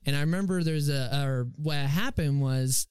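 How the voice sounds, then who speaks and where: This young podcast co-host has a clean, fairly high voice and talks at a normal speed on a dry recording. Chatting loosely, he tells an animated story full of swearing and performed quotes.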